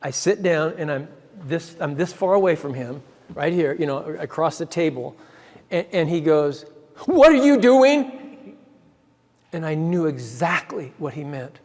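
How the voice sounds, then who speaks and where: A man, a ministry founder, telling a personal story in an excitable way, often restarting his sentences and chuckling. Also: fairly high pitch, moderate pace. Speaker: ministry founder giving a talk. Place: church hall. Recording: long hall reverb.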